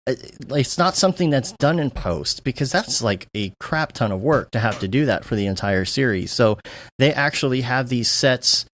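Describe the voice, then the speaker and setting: A man's voice: medium pitch, lively intonation, moderate pace, fairly bright tone, slight background noise. A man hosting a podcast, chatting casually and rambling with fillers and restarts. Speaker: podcast host. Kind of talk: casual chat.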